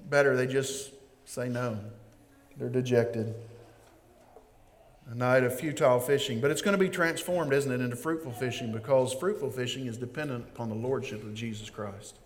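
A man preaching a sermon in a lively, joking way, acting out the scenes he describes. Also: mid-range voice. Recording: long reverb of a hall.

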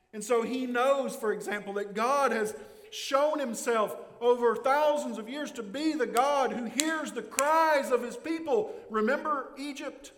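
A man's voice: sits high, fairly bright tone. A man preaching a sermon as pastor, earnest, and rising to impassioned outcries when he voices prayers. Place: church sanctuary. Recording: echoey church hall.

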